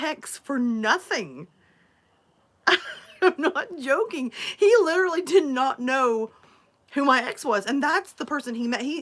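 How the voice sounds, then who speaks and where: A woman's voice: high-pitched, fairly bright tone. Chatty woman telling stories. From Alabama. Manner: chatty, rambling storytelling. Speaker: story narrator and streamer. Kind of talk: casual livestream chat.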